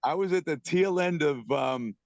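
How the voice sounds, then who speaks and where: A man's voice: on the high side, normal speed, vocal fry, no room sound. Rambling male guest on a video call. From Boston area. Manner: loose, repeats himself while telling stories. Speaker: band member, guest. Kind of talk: casual storytelling.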